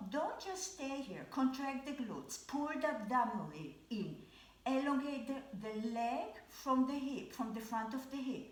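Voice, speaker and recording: A woman guides a Pilates class at home, giving calm, repeated cues for every movement. She talks slowly with a slightly high voice. The room around her is echoey. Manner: calm, repetitive cueing with counts. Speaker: Pilates instructor. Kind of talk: live exercise class instruction.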